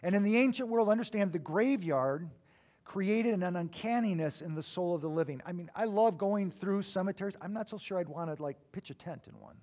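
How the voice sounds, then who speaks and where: High-pitched guy preaching, gets loud then drops way down quiet, storytelling vibe. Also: brisk. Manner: animated, swings between loud emphasis and quiet asides. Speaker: pastor. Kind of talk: sermon.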